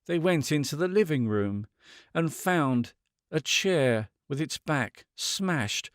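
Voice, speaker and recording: A man reading a classic novel aloud as an audiobook narrator, in a measured, dramatic manner. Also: a little high, expressive, dry recording, studio quality.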